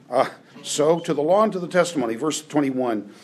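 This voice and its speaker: A man's voice: on the high side, expressive, normal speed, long pauses, a little mellow, low-quality recording. A man preaching a conversational sermon, often checking in with his listeners. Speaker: pastor.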